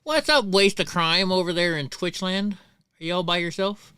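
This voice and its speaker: A man's voice: high voice, animated, unhurried, bright, forceful tone, smooth, dry recording. A middle-aged man hosting a livestream, telling rambling, profane stories in casual chat. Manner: rambling, profane, many restarts. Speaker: livestream host.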